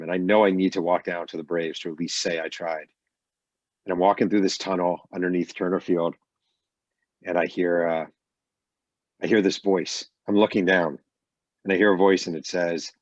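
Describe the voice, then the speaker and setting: A middle-aged man with a low voice tells animated stories in a casual interview. He acts out the people in his stories as he talks. The sound is dry and muffled, like lo-fi video call audio from a bedroom. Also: dry recording. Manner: animated anecdotes with acted quotes. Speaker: author guest.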